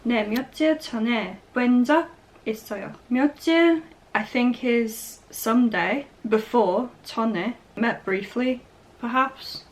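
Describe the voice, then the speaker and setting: Young woman host, slightly higher voice, chatty and upbeat, walks through lines word by word. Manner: chatty, laughs often, sounds out words slowly. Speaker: vlog host learning Korean. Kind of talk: casual explaining of phrases and line-reading.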